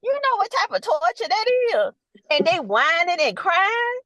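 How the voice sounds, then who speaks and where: Brief: high-pitched woman, blunt profane ranter, dry close sound. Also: moderate pace, no echo. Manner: blunt, profane, animated ranting. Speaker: nurse, guest. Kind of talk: loud casual rant.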